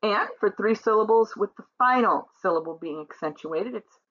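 A woman teaching German, explaining an exercise slowly and carefully and stressing each German word she demonstrates. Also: mid-range voice, lively intonation, fairly bright tone, lo-fi sound. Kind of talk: classroom instruction.

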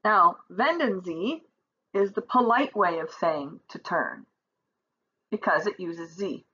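A woman's voice: on the low side, lively intonation, takes it slowly, pushed and bright, slightly rough, dull audio. A woman teaching a German grammar lesson from a textbook, reading example sentences aloud and explaining them step by step.

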